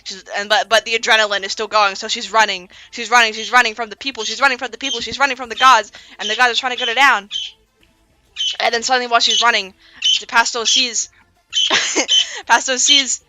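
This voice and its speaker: Her voice on the high side, steady and brisk, a woman streaming from a desk mic retells a story loosely, with many restarts and acted-out character lines. The background is noisy, with faint pop music playing.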